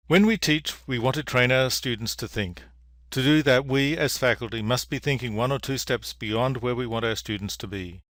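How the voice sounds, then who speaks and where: Male professor, award lecture, measured storytelling, medium pitch, dry close sound. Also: fairly bright tone, no echo. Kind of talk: public lecture with a told fable. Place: lecture venue.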